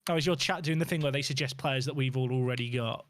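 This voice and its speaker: A man's voice: mid-range voice, fast talker. A man chatting on a game stream, asking bemused questions. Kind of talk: casual chat over a game stream.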